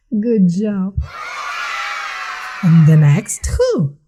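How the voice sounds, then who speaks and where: Slow sing-song woman teaching toddlers. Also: mid-range voice, big pitch swings, mellow, shouting, a little hiss or hum. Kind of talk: toddler speech lesson.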